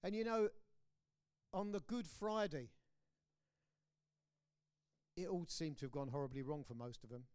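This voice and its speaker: A man with a British accent preaching a sermon, swinging between loud declarations and hushed, low lines. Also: a little slow, long pauses, clear, resonant tone. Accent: British English. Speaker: pastor. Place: church hall.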